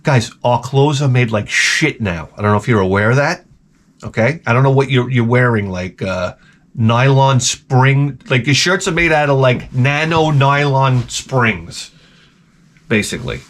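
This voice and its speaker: A middle-aged man vlogs from home at a medium pitch and a measured pace, ranting casually to the camera. His animated stories are sarcastic and packed with swearing.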